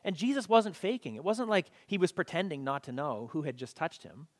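A man's voice: on the high side, fairly quick. Conversational male preacher. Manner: conversational, animated storytelling with repeats. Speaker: pastor. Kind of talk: sermon.

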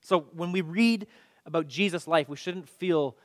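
A man preaching an online church sermon in a relaxed, conversational way, with frequent fillers and restarts. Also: a little high, a little slow. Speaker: pastor. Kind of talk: casual online sermon and prayer.

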